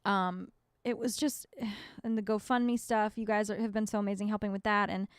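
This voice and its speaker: A young woman co-hosting a casual podcast, talking openly and loosely with plenty of swearing. Her voice is smooth and clear, and it sits close and dry on the mic with no room around it. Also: mid-range voice, fairly even intonation, moderate pace, dry recording. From North Dakota. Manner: candid, swears freely, rambling. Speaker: podcast co-host.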